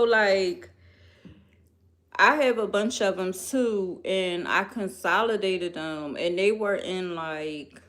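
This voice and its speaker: A woman's voice: mid-range voice, a bit bright. A young woman chats loosely on a live stream, speaking right to her viewers. She takes her time and lets her thoughts wander from one to the next, rambling in no hurry. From Philadelphia, US. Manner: chatty, rambling, talks straight to viewers. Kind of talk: casual live-stream chat.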